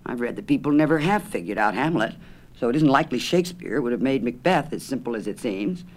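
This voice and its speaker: Male reader voicing a bossy mystery-mad American woman, pitched up, lively delivery. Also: quick pace, natural voice. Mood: insistent. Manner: insistent, eager, know-it-all. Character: chatty, opinionated American woman, mystery-novel fan.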